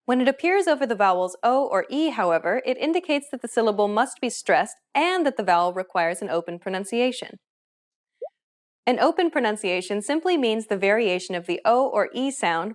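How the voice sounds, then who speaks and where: A woman hosting a language course, reading a scripted lesson in a clear, even teaching manner. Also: mid-range voice, a little fast.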